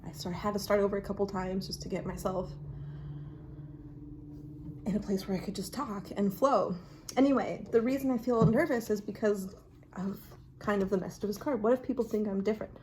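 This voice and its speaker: A woman chatting casually and reflectively in her bathroom while drawing oracle cards, often dropping to a hushed voice. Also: medium pitch, steady tone, fairly quick, pauses often, noisy background. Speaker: vlogger reading oracle cards. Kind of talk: casual rambling chat. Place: home bathroom.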